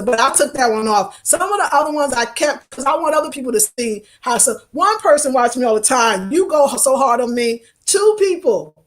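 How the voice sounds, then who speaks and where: A woman in her fifties chatting casually with viewers of her live stream, expressive and emotional, reading comments aloud and sounding tired from travel. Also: a little high. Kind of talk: casual livestream chat.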